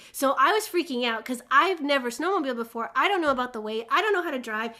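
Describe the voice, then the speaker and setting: Bright, high-voiced woman teaching animatedly. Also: quick pace, hardly any pauses. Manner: animated storyteller, laughs often, acts out voices. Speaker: host. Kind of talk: casual spiritual teaching monologue.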